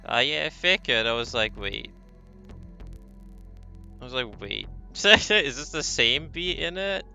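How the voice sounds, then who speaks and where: Gravelly, bright-voiced male streamer. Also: fairly high pitch, normal speed. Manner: relaxed, chatty, laughs often, thanks viewers. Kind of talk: casual let's-play chat and reading game text aloud. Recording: slightly dull lo-fi stream audio with faint music.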